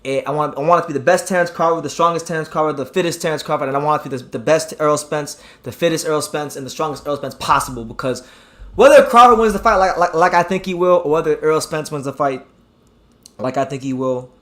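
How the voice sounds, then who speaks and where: A man hosting a live boxing stream, talking excitably, repeating himself and reading out the chat. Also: on the high side, fast. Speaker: boxing channel host.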